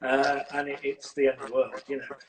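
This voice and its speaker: A man, a dog trainer, giving lively, casual advice on a video call. He acts out scenes and keeps checking in with "right?". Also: medium pitch, fairly quick. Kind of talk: casual advice on a live stream. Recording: distant mic with loud noise.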